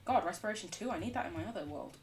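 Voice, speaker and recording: Animated English woman streaming a game. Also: on the low side, fast, recorded from a distance, soft background music. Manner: animated, laughs often, swears casually. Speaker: livestreamer. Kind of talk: casual chat while gaming.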